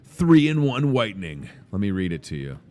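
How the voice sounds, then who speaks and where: A man's voice: on the low side, sing-song, normal speed, warm tone. A man hosting a casual live show from inside a grocery store, joking and rambling in an upbeat way. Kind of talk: casual live promo chat.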